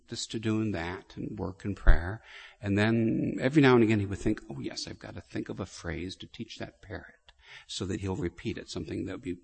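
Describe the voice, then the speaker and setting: A man, a priest, giving a homily full of anecdotes, halting and rambling with many restarts. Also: low voice, husky.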